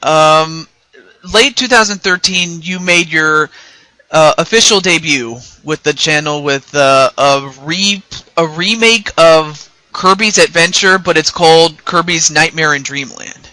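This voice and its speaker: A man's voice: a little high, measured pace, pushed and bright, no echo. An American man hosting a casual interview, talking hesitantly with many fillers and restarts. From United States. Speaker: interview host.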